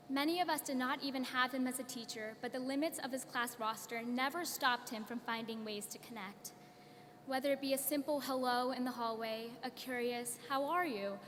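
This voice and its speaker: A young woman presents an award in a measured, poised prepared speech. Her voice is fairly high. It echoes with long hall reverb, and there is a faint hum underneath. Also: a bit bright. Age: young adult. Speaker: student speaker presenting an award.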